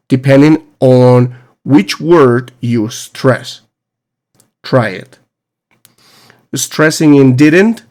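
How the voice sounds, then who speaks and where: A man at a mid pitch hosts a solo teaching podcast. He talks emphatically and asks his listeners rhetorical questions, in the manner of a teacher making a case. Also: darkish tone. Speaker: podcast host. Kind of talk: solo educational podcast monologue.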